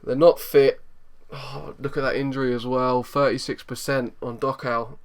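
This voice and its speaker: A man giving excitable live commentary over a football management game, swinging from low muttering to loud outbursts. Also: normal speed. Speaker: gaming YouTuber.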